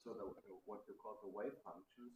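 A man's voice: fairly low pitch, steady tone, a little fast, a little mellow. A man in the audience asking the lecturer questions. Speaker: audience member. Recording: distant audience voice.

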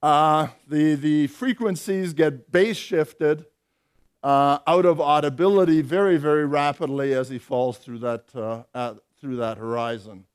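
An older man lecturing on physics in a slightly high-pitched voice. He explains carefully and methodically, pausing on fillers now and then and slipping in dry, wry asides. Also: smooth. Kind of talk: academic lecture.

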